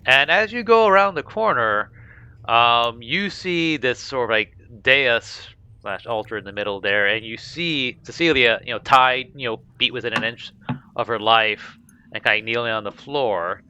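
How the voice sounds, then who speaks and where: A man's voice: medium pitch, moderate pace, pushed and bright, highs cut off, slight background noise. A man narrating a tabletop game as game master, in a loose, casual way with many fillers.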